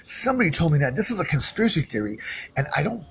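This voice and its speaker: A man's voice: a little high, very animated, fast, fairly bright tone, slight background noise, poor audio. A man talking alone in an unscripted, rambling monologue, full of fillers, restarts and repetition.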